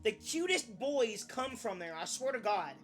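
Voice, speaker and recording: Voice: medium pitch, big pitch swings, a little slow, a bit bright, faint music behind. A young adult VTuber chatting casually on a live stream, rambling, often restarting sentences and swearing now and then.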